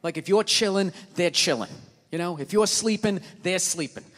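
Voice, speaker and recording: A man doing a stand-up comedy routine on a theater stage, ranting and swearing, swinging from mutters to shouts. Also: high voice, moderate pace. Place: large theater stage with live audience. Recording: live hall with audience.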